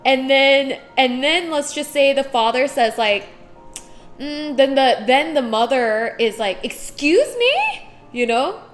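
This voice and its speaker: Woman, live streamer, casual chat, giggly, playful little voices, highish pitch. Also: slow, soft background music. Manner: animated, giggly, acts out little voices while reading chat.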